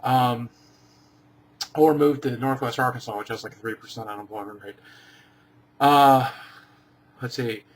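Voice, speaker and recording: A man's voice: medium pitch, fairly even intonation, measured pace, long pauses. A man in a casual vlog, reading viewer questions aloud and answering each one dryly and briefly.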